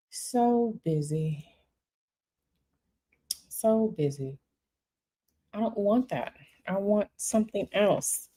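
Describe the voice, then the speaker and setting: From a hotel room, a chatty woman with a warm, slightly high voice livestreams as a tarot reader and host. It's casual livestream chat; she talks straight to viewers and repeats herself a lot.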